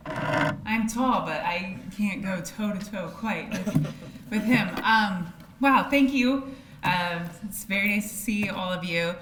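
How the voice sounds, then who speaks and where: A woman accepting an award and thanking her community, halting with fillers and choked up at moments. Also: mid-range voice. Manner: halting, many fillers, laughing through tears. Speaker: award winner, chamber ambassador. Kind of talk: emotional acceptance speech. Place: banquet hall. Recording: echoey hall with faint noise.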